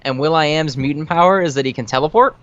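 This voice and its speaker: A man co-hosting a podcast, casually recapping a movie plot in a fast, profane, sarcastic way. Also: on the high side, fairly bright tone, no echo. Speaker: podcast co-host. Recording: dry, dull lo-fi sound.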